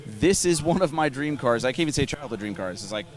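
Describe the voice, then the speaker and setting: A man in his thirties, a co-host, talks through a car on a live auction stream with eager, chatty energy. His voice sits at an ordinary middle pitch. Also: lively intonation, fast talker. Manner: enthusiastic, chatty car talk. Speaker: co-host commentator.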